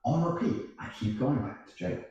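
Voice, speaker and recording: A man telling a story in casual chat, profane and animated, acting out other people's lines. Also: medium pitch, normal speed, muffled recording, slight background noise. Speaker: guest storyteller. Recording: echoey room, distant mic.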